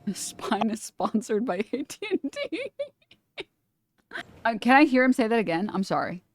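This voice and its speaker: A woman's voice: on the high side, big pitch swings, moderate pace. A young woman streamer reacting to a video, joking sarcastically, laughing often and swearing freely. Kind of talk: casual reaction commentary.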